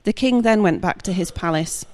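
A woman reading a long scripture passage aloud at a steady, measured pace. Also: fairly low pitch, long reverb tail. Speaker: scripture reader.

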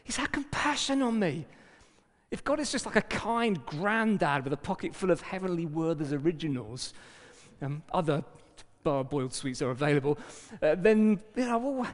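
Pastor preaching in an echoing hall. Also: male voice, sits high, moderate pace. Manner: lively and emphatic, with joking asides. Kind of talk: sermon. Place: church hall. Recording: long reverb of a hall.

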